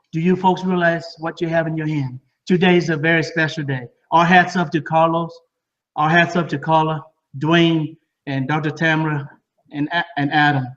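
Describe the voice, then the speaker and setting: Distant, muffled man pitching with excitement. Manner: repeats words, broken English phrasing. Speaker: speaker at a home business party. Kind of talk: enthusiastic sales pitch. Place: living room of a home party.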